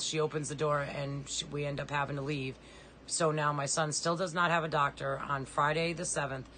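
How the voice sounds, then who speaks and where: A woman's voice: deep voice, fairly bright tone, a little hiss or hum, low-quality recording. A middle-aged woman, a mother, making an urgent, pleading personal appeal in plain, direct words. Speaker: mother of a disabled son.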